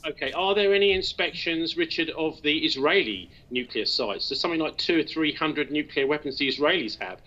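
Forceful bright-voiced guy arguing his point on a tv debate, muffled remote line. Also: on the high side, a little fast, few pauses. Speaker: debate guest, journalist. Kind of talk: heated TV debate argument.

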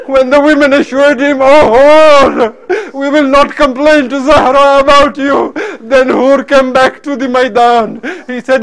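High, smooth-voiced male preacher. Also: a bit bright. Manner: solemn retelling with Arabic phrases. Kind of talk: sermon storytelling.

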